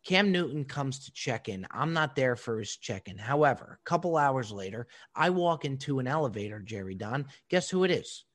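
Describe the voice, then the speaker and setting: A man co-hosting a podcast, telling a story to his co-host in an animated, profane way. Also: medium pitch, normal speed, hardly any pauses. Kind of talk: casual storytelling chat.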